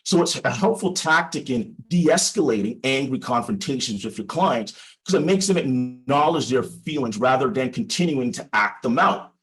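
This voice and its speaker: A man, a personal injury lawyer, giving a prepared presentation to other lawyers in a measured, deliberate way with emphatic pauses and an instructive tone. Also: medium pitch, lively intonation, a bit bright, poor audio. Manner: explanatory, instructive tone. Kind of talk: prepared presentation for a legal audience.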